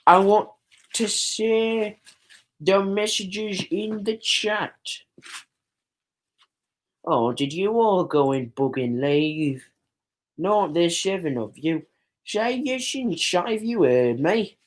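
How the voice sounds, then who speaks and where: A woman hosts a goofy livestream, talking slowly and drawing out her words. She jokes, plays at being outraged and calls out to the chat, speaking into a stream call mic. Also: medium pitch, expressive. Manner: joking, mock-outraged, addresses chat. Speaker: livestream host.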